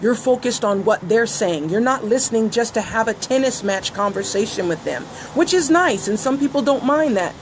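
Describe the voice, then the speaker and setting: A woman's voice: fairly high pitch, expressive, moderate pace, hardly any pauses, a little hiss or hum, rough recording. Earnest woman coaching on listening. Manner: earnest, acts out quoted conversations. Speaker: business coach. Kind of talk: motivational teaching monologue.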